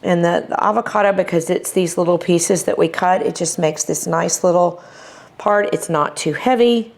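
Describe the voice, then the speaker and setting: A woman's voice: on the low side, normal speed, a little mellow. A middle-aged woman with a Texas accent hosts a cooking demonstration. She talks in a chatty, enthusiastic, homey way, explaining each step as she prepares food. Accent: Texan. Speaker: cooking show host.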